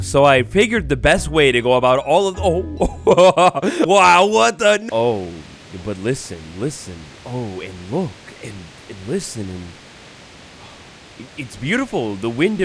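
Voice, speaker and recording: Excitable young man gushing over gameplay. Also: a little high. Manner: excitable, gushing, swings between hushed awe and loud exclamations. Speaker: gaming YouTuber. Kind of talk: excited blind-reaction gameplay commentary.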